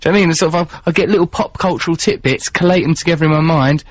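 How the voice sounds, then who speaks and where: A man's voice: a little high, rapid-fire, no echo. A man with an Essex accent hosting a radio show, chatting in a florid, wordy, teasing way. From England, Essex. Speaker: radio host. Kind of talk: playful radio chat. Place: radio studio. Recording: dull, dry radio studio sound.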